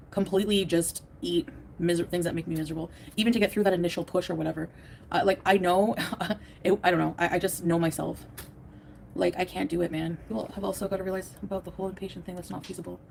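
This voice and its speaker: Woman, rapid angry livestream rant, swears at her chat, tired, faint room noise. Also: on the low side, gravelly, a little mellow. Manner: defensive, profane, ranting at viewers. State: tired, in a bad mood.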